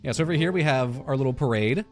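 A man giving playful, excitable commentary over a video game playthrough, joking with his viewers. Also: mid-range voice, quick pace, faint music behind. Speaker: gaming YouTuber. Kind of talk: let's play commentary.

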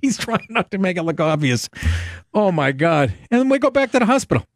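Animated, laughing male radio host. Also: high-pitched, a little fast, dry recording, studio quality. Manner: animated storytelling, laughs often, swears. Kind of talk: casual call-in radio chat.

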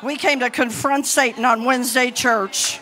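A middle-aged woman pastor preaching a sermon boldly, rising to shouts between laughing asides. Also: fairly high pitch, fairly even intonation, moderate pace, a faint crowd, a little hiss or hum.

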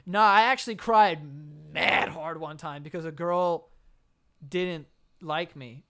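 This young man talks with a bright, clear edge and a fairly high pitch. His New shows as he tells animated stories in a casual podcast chat. He acts out quotes and laughs often. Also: slow pace. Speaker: podcast co-host.

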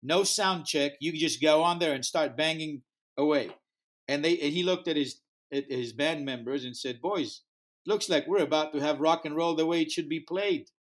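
Man, festival founder, slightly higher voice; lively interview storyteller who acts out the dialogue, slight non-native phrasing. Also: moderate pace. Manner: animated, acts out quoted dialogue.

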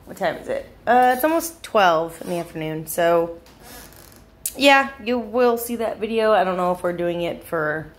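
A woman's voice: fairly low pitch, expressive, normal speed. A young woman chatting and giggling in her home kitchen while she bakes for a vlog. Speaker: vlogger. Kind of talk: casual chat while baking.

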